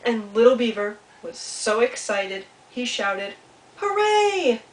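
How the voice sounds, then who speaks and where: A woman's voice: mid-range voice, a little slow. Woman reading a children's story aloud. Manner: lively, talks to young listeners. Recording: echoey room, mic far off, faint ambience.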